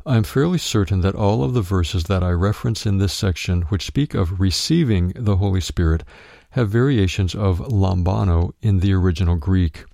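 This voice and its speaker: A man narrating a written Bible teaching, reading it out in a measured way and calling out verse references. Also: low-pitched, gravelly, mellow, no room sound, studio quality.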